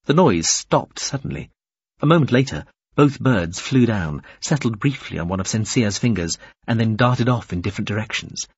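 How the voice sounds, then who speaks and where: A man narrating an audiobook in an expressive, varied reading. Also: fairly low pitch, moderate pace, husky, no room sound, dull audio. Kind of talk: scripted narration.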